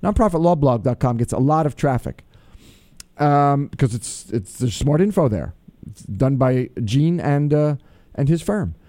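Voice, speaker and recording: A man hosting a radio show, talking casually and exuberantly, reading out listener shout-outs with playful alliteration. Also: mid-range voice, expressive, measured pace, no echo.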